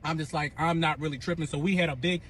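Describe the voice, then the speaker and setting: A man's voice: on the high side, fairly even intonation, fast talker, fairly bright tone, slightly rough. A man telling a dramatic breakup story in a profane, boastful rant, acting out the other voices. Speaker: storyteller in a reacted clip.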